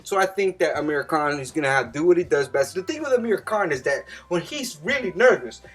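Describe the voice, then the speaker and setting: A young man with a slightly high, sing-song, somewhat bright voice talks a little fast, making casual boxing predictions. He rambles and swears a lot in this profane monologue, and his voice jumps up whenever he gets worked up.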